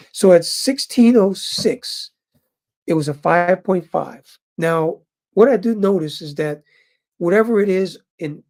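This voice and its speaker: A man in his fifties telling his viewers a story in a casual, animated way and calling them brothers. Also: on the high side. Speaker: vlogger living in Japan.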